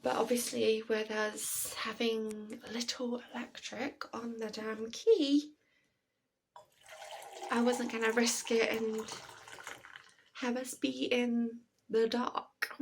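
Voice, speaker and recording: A woman's voice: a little high, extremely slow, vocal fry, pauses often, slightly rough. A British woman chatting to camera at home in a rambling, chatty way, laughing often. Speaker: vlogger. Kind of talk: casual chat to camera.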